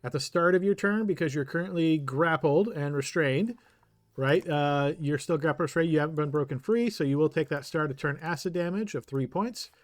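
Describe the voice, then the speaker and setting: A man's voice: on the high side, normal speed, dry recording. A man running a tabletop game as game master, patiently explaining rules and thinking aloud.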